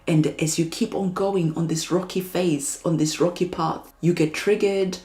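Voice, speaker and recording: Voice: mid-range voice, fairly even intonation, moderate pace, hardly any pauses, darkish tone, reverberant. A tarot reader giving a spiritual reading in a soothing, reassuring way, repeating phrases as encouragement.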